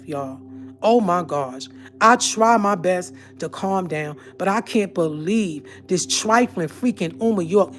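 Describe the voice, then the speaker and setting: Heated, confrontational woman channel host. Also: fairly high pitch. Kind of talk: ranting live-stream monologue.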